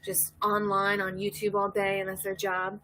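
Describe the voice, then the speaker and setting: A woman's voice: mid-range voice, completely flat delivery, moderate pace, bright, forceful tone. A woman in her thirties hosting a casual drinking livestream, rambling through stories, laughing and reading chat messages. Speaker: livestream host.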